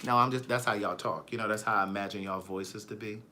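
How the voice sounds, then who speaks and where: A man chatting on a live stream, sassy and animated, reading viewer comments aloud and joking with them. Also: lowish voice, fast, slight background noise. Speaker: vlogger.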